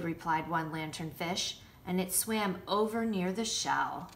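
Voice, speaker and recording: A nursery school teacher, a woman, reading a picture book aloud to children with lively asides. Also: fairly low pitch, measured pace, vocal fry, few pauses, a little hiss or hum. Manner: warm, lively storytelling with asides showing pictures.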